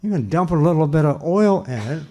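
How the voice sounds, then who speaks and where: A man's voice: on the high side, animated, a little mellow. Older man lecturing earnestly. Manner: earnest, emphatic, repeats phrases with pauses and restarts. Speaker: lecturer, nutrition scientist. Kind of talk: public lecture.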